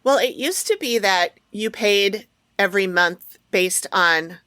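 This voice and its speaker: A woman's voice: medium pitch, takes it slowly, sharp tone, dry recording. A woman hosting a podcast in casual chat, explaining things at length and acting out back-and-forth exchanges. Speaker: podcast host.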